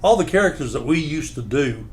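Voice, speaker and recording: Man, show host, rambling reminiscences, slightly high pitch. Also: animated, fairly quick. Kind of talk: casual chat.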